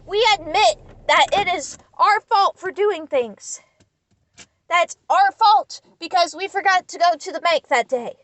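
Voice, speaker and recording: A woman's voice: very high voice, a little slow, a bit bright, no echo, poor audio. A young woman in an impassioned, indignant rant, talking straight to the camera with emphatic repetition. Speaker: vlogger. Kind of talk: impassioned ranting monologue.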